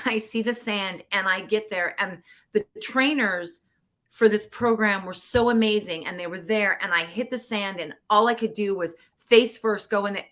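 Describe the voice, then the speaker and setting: A woman guest on a podcast telling a personal story in a casual, animated way, acting out quoted voices and getting teary. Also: mid-range voice. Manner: animated, acts out quoted voices, laughs often. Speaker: podcast guest, producer and actor. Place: Los Angeles.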